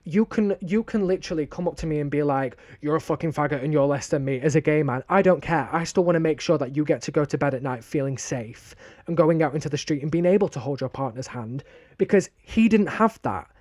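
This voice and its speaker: A man's voice: a little high, brisk, darkish tone. A young man with a Northern English accent, co-hosting a podcast and telling a story bluntly, with a lot of swearing. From northern England. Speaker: podcast co-host. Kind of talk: casual podcast chat.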